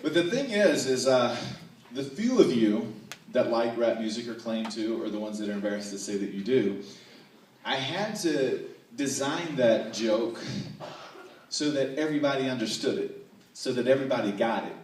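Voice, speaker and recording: A man's voice: mid-range voice, animated, moderate pace, a little mellow, a little hiss or hum. A man from North Carolina doing a playful stand-up comedy set, with frequent asides to the audience. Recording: echoey hall, distant mic, faint ambience.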